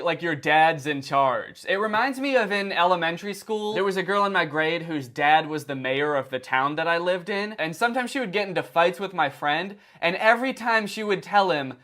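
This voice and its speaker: A man's voice: sits high, lively intonation, normal speed, few pauses, sharp tone. A young man giving comedic reaction commentary in a sarcastic, wry and incredulous way. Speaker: commentary YouTuber.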